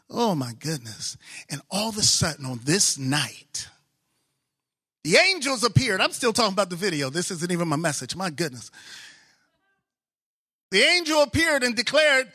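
Excitable man preaching a lively sermon. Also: high-pitched, normal speed. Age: adult, married with children. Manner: excitable, swings from soft asides to loud exclamations.

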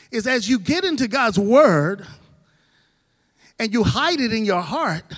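A middle-aged man, a pastor, preaching a sermon in a church, his delivery rising and falling between loud bursts and soft asides. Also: high-pitched, in a large hall. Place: church sanctuary.

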